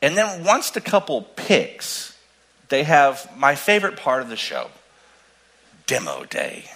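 Animated preacher with a bright voice. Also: male voice, mid-range voice, slow pace, rough recording. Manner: animated storytelling, swings from loud emphasis to hushed tones. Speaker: pastor. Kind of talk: sermon.

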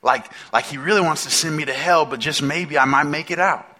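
A male pastor delivers a sermon in a loose, conversational style, turning often to the congregation with questions. His voice is bright, forceful and sits a little high for a man. He leans hard on repeated phrases to drive each point home. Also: fairly quick. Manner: emphatic, repeats phrases for stress.

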